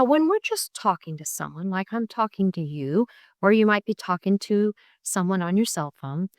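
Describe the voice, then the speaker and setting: A middle-aged woman, a music therapy professor, giving an online lecture with vocal exercises in a clear, patient way, often checking in with "right?" and "okay?". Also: lowish voice, no room sound, studio quality. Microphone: computer mic on a video call.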